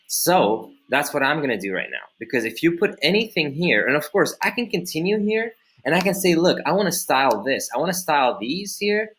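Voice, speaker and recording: A man hosts a screen-recorded coding tutorial, his voice sitting at an ordinary middle pitch. He thinks out loud as he works, stumbling through restarts and fillers. He keeps turning to the viewer with rhetorical questions. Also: low-quality recording. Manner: casual, rambling, thinks aloud with many fillers and restarts; talks straight to viewers, asks rhetorical questions.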